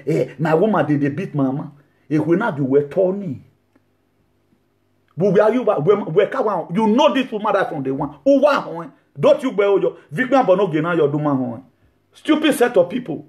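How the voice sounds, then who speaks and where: A man preaching a sermon, mixing laughing asides with shouted rebukes. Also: high voice.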